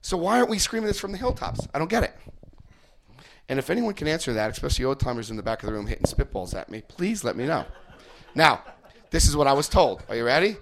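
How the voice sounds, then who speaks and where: A man's voice: fairly high pitch, sing-song, fast, vocal fry, slight background noise. A middle-aged man speaking to a recovery group, telling stories with quoted voices and asking the room questions. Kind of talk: informal group talk.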